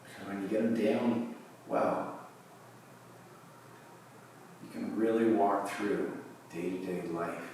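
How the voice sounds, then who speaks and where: A man leads a yoga class, calmly giving cues and leaving long pauses. His voice is low and his delivery slow. He sounds distant from the mic, in a strongly echoing studio with faint noise behind. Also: creaky. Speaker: yoga teacher. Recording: distant mic in a very echoey room.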